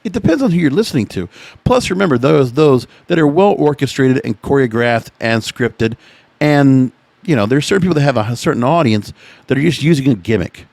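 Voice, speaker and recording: A male podcast host with a lively, swinging voice, reading passages aloud and then breaking off to argue with them. He talks in a chatty, opinionated way. The sound is dry, with no room on it. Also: medium pitch, brisk, gravelly, no echo. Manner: opinionated, chatty, reacting to what he reads aloud. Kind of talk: casual podcast commentary reading from an article.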